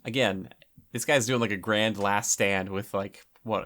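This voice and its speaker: A man's voice: lowish voice, steady tone, a little slow, a bit bright. A man giving casual commentary over a film, chatty and rambling, with lots of filler words.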